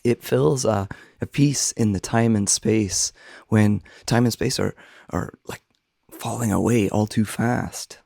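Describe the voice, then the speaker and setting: A man's voice: lowish voice, slow pace, gravelly, warm tone, no room sound, studio quality. A man who is a minister and songwriter, talking thoughtfully and earnestly in a soothing, scratchy voice, sometimes searching for words. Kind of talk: reflective conversation.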